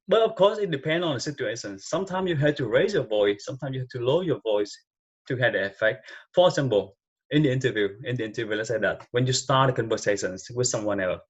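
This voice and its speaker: A man's voice: mid-range voice, breathy edge, highs cut off. A man with a Vietnamese accent, a native Vietnamese speaker, giving speaking tips in loose, rambling casual talk full of fillers. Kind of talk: casual unscripted advice talk.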